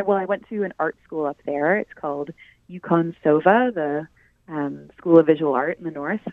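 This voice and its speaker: A woman's voice: on the low side, dry recording. A Canadian singer-songwriter in her thirties, chatting in an interview with lots of ums and little laughs. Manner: giggly, hesitant, lots of ums. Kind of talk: casual interview. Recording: dry, phone-like narrow sound.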